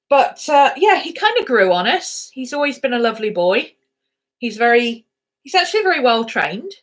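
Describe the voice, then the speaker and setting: A woman chatting casually on a home vlog, fondly telling a story about her rescue dogs. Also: a little high. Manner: chatty, fond, talks baby-talk to her dogs. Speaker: vlogger. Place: home, indoors.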